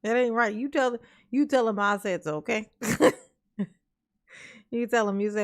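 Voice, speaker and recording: A woman's voice: a little high, moderate pace, pauses often. A woman hosting a commentary stream, taunting and mocking in slangy talk, often breaking into laughter. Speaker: commentary host.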